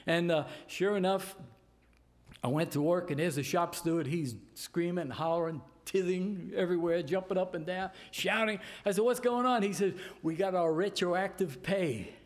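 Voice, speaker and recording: An older man from New York tells a personal story in a casual, animated way, acting out the voices of the people in it. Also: high-pitched. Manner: animated, repeats "I said" and acts out voices in his story. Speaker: storyteller giving a testimony.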